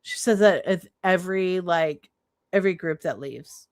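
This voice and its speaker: A woman's voice: on the low side, moderate pace, a little mellow, no echo, studio quality. A woman streamer reacting to clips in casual commentary, laughing, mocking and swearing freely.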